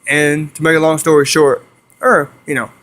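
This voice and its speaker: A man's voice: on the high side, little pitch movement, normal speed, fairly bright tone. A young man telling a rambling story to his viewers, repeating himself and hissing to mimic animals. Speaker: vlogger. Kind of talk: casual storytelling to camera.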